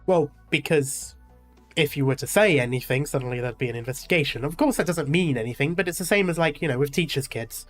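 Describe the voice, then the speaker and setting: A gaming streamer narrating a game's story aloud. The voice sits at mid pitch and drops into casual, chatty asides. Faint music plays behind. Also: fast talker. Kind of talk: reading a game story with asides.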